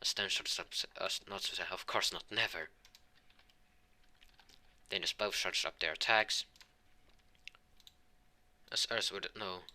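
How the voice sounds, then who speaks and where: A man improvising a fan fiction story, rambling and halting as he voices the characters' lines in his own voice. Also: low voice, sharp tone. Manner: rambling, halting delivery with many restarts.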